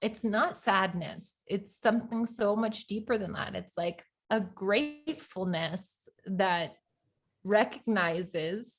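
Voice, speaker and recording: Reflective woman guest, mid-pitched. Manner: reflective, searching for words with pauses and restarts. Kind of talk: conversational interview.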